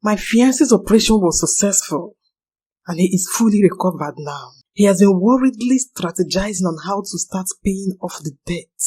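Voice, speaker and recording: A woman's voice: mid-range voice, expressive, moderate pace, a little mellow, husky. A young woman narrating a personal confession in an earnest, anxious manner.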